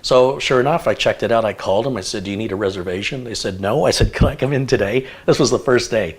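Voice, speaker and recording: An American man with a fairly low voice talks fast while hosting a live tech stream. He chats casually, acting as a rambling, anecdotal storyteller who spins long stories.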